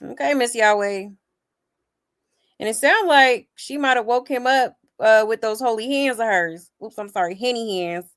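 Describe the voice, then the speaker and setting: A woman's voice: fairly high pitch, normal speed, a bit bright, no echo, studio quality. A woman hosting a casual gossip commentary stream, reacting to clips with sassy, teasing remarks.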